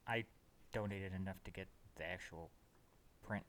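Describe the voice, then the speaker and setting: A man's voice: deep voice, normal speed, background noise. A man co-hosting a casual podcast chat about comics, easygoing and a bit hesitant, often restarting his sentences. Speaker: podcast co-host.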